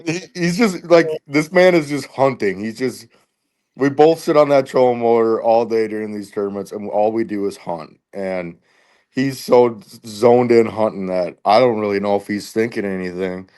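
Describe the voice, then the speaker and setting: A man's voice: on the low side, normal speed, darkish tone, clear, resonant tone. A man guest on a podcast, telling rambling stories in casual chat and laughing often between lines. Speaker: podcast guest, tournament angler.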